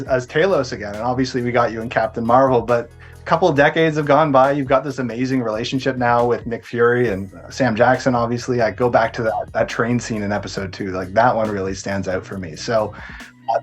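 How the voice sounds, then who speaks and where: Husky-voiced male interviewer. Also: mid-range voice. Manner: chatty, long setups with fillers. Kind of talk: press junket interview.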